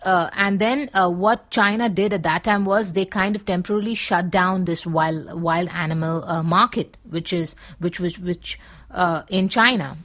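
A woman's voice: fairly low pitch, normal speed, fairly bright tone. A woman talking casually and rambling, with many fillers and restarts. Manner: sings pop lyrics in breathy snatches. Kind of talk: casual talk to camera.

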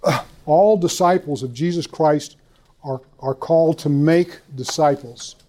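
A man's voice: on the high side, unhurried, warm tone. An older man giving a folksy, rambling church teaching talk to a room of people, with stories, restarts and repeated words. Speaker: speaker at a church conference.

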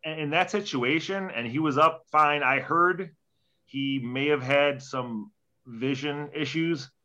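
A man's voice: on the high side, takes it slowly, bright, forceful tone, lo-fi sound. A young man, a former hockey player, telling a story in a casual interview, profane and rambling, acting out quoted dialogue.

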